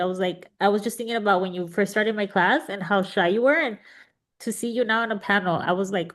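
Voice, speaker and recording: A woman's voice: mid-range voice, a little fast. A woman instructor leads a student panel over a video call. She talks in an emotional, rambling way, full of fillers and restarts. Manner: warm, emotional, chatty with many fillers. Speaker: panel moderator and college instructor. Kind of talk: casual emotional panel talk.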